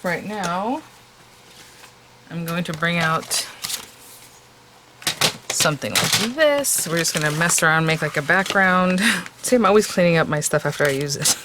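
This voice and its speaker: A woman with a fairly low voice demonstrates card making in a relaxed crafting tutorial, chatting and thinking aloud as she goes. Her intonation is lively, her pace a little slow with frequent pauses, and she sounds slightly tired. There is background noise in the recording.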